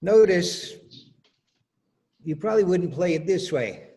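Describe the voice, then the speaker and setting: A man's voice: high-pitched, lively intonation, unhurried, mellow, soft background music. A man teaching rhythm as a choral director in an online workshop, patiently explaining and counting beats aloud over a video call.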